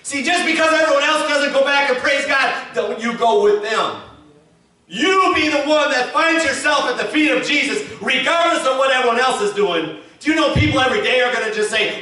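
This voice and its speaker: A man's voice: very high voice, lively intonation, a little fast, pushed and bright. A man preaching a sermon as pastor, emphatic and calling the congregation to repeat his words, recorded from a distance in a church. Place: church sanctuary. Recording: echoey church hall from far off.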